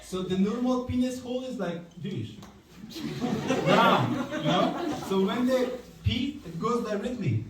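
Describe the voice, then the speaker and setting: A male stand-up comedian telling a story to a live audience in short, matter-of-fact sentences with a deadpan delivery. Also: very high voice, a little slow, over a noisy crowd. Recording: echoey room, heard from far off, faint noise.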